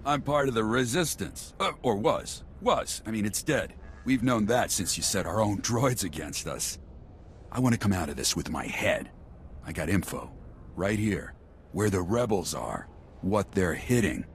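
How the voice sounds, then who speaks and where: A man's voice: fairly low pitch, expressive, moderate pace, a little hiss or hum. An actor playing a nervous, streetwise male resistance defector in a video game, speaking in a hesitant, folksy way. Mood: eager. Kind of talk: game voice acting.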